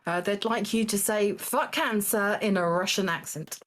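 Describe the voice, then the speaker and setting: A woman's voice: mid-range voice, normal speed. A woman hosting a charity live stream in casual chat, amused and laughing often. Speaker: stream host acting as the show's judge.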